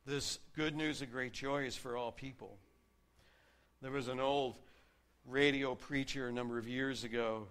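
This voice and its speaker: A man's voice: medium pitch, steady tone, moderate pace. Earnest male preacher. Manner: earnest, varying loudness for emphasis, reads scripture aloud. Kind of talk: sermon.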